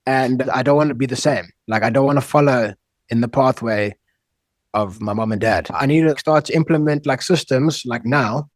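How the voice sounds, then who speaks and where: A man's voice: medium pitch, moderate pace, no room sound. A man in his thirties with a South African accent, talking frankly and casually about money as a guest. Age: 30s. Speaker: guest, husband. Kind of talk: casual candid conversation.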